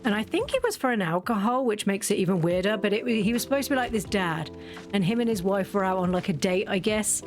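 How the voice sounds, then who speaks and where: A woman's voice: mid-range voice, animated, fast, faint music behind. A woman hosting a casual game video, chatty and teasing, scolding the characters she plays with. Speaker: gaming video host. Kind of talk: casual let's-play chat.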